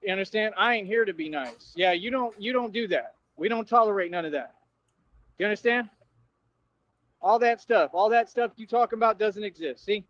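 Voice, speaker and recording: A man with a notably high voice rants at his audience on a livestream, combative and full of street slang, repeating the same points over and over. The audio is dry and a little dull, with no room sound at all. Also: moderate pace, fairly bright tone, no room sound. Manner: confrontational, slangy, repetitive ranting at viewers. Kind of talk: ranting livestream monologue.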